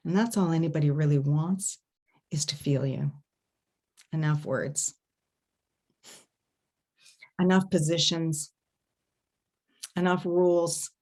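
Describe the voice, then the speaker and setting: A woman giving an online workshop talk as an intimacy coach, animated and expressive, often humming and murmuring to demonstrate sounds. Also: on the low side. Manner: animated storytelling, laughs often. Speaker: intimacy coach and festival presenter. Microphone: home setup, online stream.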